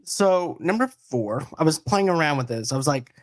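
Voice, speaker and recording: A man's voice: on the high side, lively intonation, normal speed. A man with a Boston accent hosting a casual movie chat, talking in an enthusiastic, rambling way. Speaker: podcast host.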